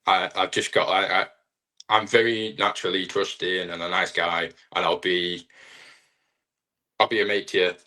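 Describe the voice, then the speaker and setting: A man's voice: deep voice, flat delivery, moderate pace, pauses often, sharp tone. A young man, a wrestler, chatting casually in an interview in a rambling, self-deprecating way. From Britain. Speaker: wrestler guest.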